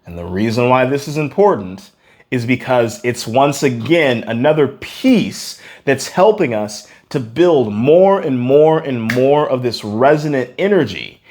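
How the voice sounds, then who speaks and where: A man teaching a vocal warm-up lesson, explaining exercises energetically and often checking in with "okay?". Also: medium pitch. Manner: energetic, demonstrates vocal sounds between explanations. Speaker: vocal coach.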